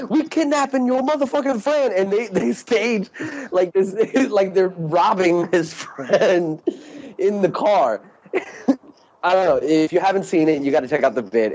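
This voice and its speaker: A man's voice: fairly high pitch, a little mellow. A man co-hosting a podcast, telling a long rambling story in casual chat, swearing and laughing as he goes. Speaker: podcast co-host. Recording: dull lo-fi podcast audio.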